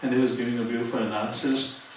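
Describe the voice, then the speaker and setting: A man's voice: mid-range voice, little pitch movement, very fast, a bit bright, a little hiss or hum. A man presenting a religious seminar, explaining step by step, quoting scripture and using fillers. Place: temple seminar hall. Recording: very echoey hall, distant mic.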